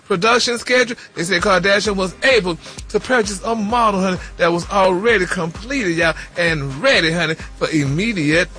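Sassy bright-voiced male gossip host. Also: high voice, moderate pace, faint music behind. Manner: sassy, sprinkles "honey" and "y'all". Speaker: celebrity news host. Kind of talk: radio gossip segment.

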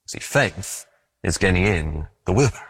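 A man's voice: deep voice, moderate pace, husky, no room sound, clean studio sound. A man preaching a conversational sermon who acts out the stories he tells. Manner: conversational and animated, acting out stories.

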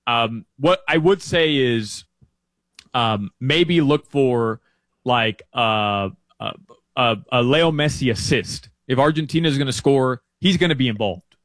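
A man talking through soccer picks in a rambling, animated way, full of fillers and restarts, as a guest on a sports chat show. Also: mid-range voice, a little slow, dry recording. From Uruguay fan living in Miami.

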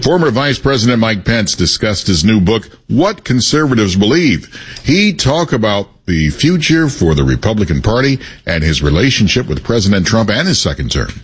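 Deep, husky male newsreader. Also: sing-song, moderate pace. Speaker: news anchor. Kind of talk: scripted newsreading.

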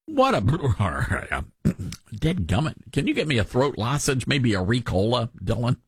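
Sarcastic husky male talk radio host. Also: mid-range voice, lively intonation, normal speed, no room sound. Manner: sarcastic, mocking asides and fake coughing fits. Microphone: studio microphone.

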